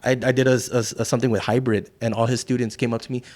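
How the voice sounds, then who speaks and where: A man's voice: mid-range voice, very fast. A middle-aged man from South Texas, a wrestler guesting on an interview show, telling stories in casual, profane talk and acting out the voices of the people in them. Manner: profane, animated, acts out quoted voices.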